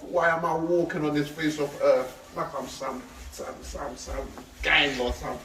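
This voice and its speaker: A man's voice: on the high side, steady tone, unhurried, few pauses, noisy background. A man tells an emotional street talk, intense and repetitive, pleading with listeners he calls Aki. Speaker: speaker recounting a friend's death. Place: outdoors on a street. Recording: echoey, distant, faint ambience.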